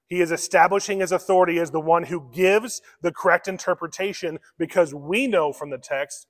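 A male pastor preaches in an earnest, conversational way, circling back over his phrases as he explains. His voice sits a little high for a man. The sound carries a long reverb from a large church hall. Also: fairly bright tone. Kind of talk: sermon. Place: church sanctuary.

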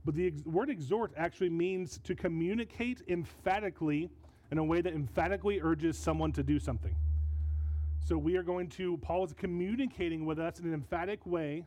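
Male preacher, sermon delivery, warm tone, earnest and emphatic teacher. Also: on the high side, brisk, poor audio. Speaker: pastor. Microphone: handheld or stand mic.

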